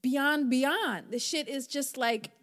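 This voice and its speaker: A woman co-hosting a casual podcast, her voice bright and high with wide swings in pitch. She talks loud and playful, swears freely and keeps cutting in. The sound carries a roomy reverb. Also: slow pace. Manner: loud, playful, profane, interrupts often. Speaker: podcast co-host.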